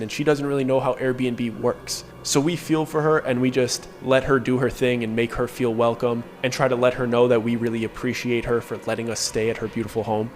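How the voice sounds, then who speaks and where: A young man casually narrating a first-person horror story in an animated, conversational way. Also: mid-range voice.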